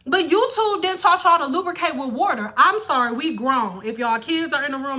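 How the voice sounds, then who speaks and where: A woman's voice: sits high, animated, moderate pace, few pauses, pushed and bright. A young woman hair stylist ranting on a live stream, blunt, sarcastic and profane. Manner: mocking impressions of viewers.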